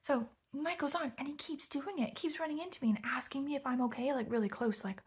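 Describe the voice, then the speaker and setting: A young vlogger with a breathy, gravelly, fairly high voice talks quickly with few pauses. Telling a casual storytime, she chats away, often half-whispering and saying "like" constantly.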